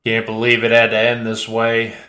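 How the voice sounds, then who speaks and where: A man's voice: fairly low pitch, completely flat delivery, normal speed, pushed and bright. A man voicing a profane, mocking male pirate boss with an exaggerated Cockney accent, for an audiobook. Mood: menacing. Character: menacing flashy male pirate boss with cane.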